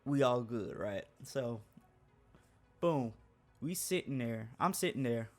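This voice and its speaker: A man's voice: medium pitch, expressive, takes it slowly, a little mellow, faint music behind. A man telling a work story in a casual, slangy way, laughing often.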